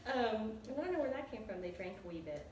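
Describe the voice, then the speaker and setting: An animated woman recapping a TV episode with a friend, laughing often and acting out the characters' lines. Her voice carries a heavy room echo and sounds set back from the microphone. A faint hiss runs underneath. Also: a little high, fast talker. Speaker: podcast co-host. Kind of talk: casual chat recapping a TV episode. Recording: echoey room, far from the mic, faint hiss.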